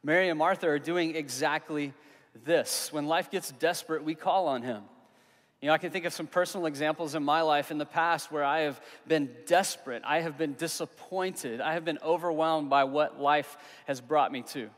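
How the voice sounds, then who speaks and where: A young man preaching a sermon as pastor, earnest and conversational, pausing for emphasis on key words. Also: a little high, fairly bright tone. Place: church hall. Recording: long reverb of a hall.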